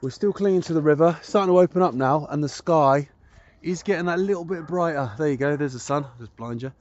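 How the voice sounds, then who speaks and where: Walking an old trackbed outdoors, a man hosting a vlog thinks aloud about old railway features in casual commentary. His voice is on the high side, a little fast and a little mellow, and the recording sounds muffled.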